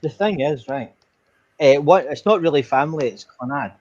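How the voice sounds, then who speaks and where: A man's voice: on the high side, a little fast, darkish tone, dry recording. An Irish man rambling through a story in casual chat, swearing freely. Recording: dull lo-fi sound.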